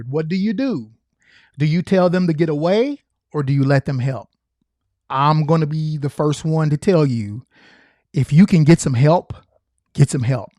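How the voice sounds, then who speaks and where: A man talks through footage as a former state trooper, earnest and emphatic, repeating his key points. His voice sits a little high. The sound is dry and close, with no room around it. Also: darkish tone, no echo. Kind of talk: reaction commentary.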